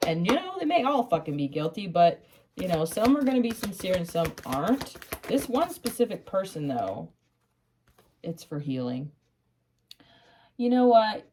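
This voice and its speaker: A woman with a fairly low voice talks through a tarot spread in a loose, casual way. She gets excited and laughs often, with casual swearing. She calls the listener honey and drops to a soft hush when she gives advice. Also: normal speed, pauses often, background noise. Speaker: tarot reader.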